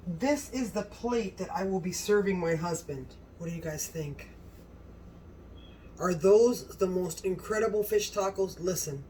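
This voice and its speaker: A woman hosting a home cooking video in her kitchen, gushing with excitement and talking straight to her viewers in a casual way. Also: lowish voice, distant mic, slight background noise, low-quality recording. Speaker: cooking channel host.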